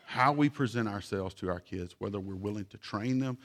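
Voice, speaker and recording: A young man who is a pastor and father preaches a sermon, pleading earnestly and urgently with the congregation. His voice is fairly low and fairly quick.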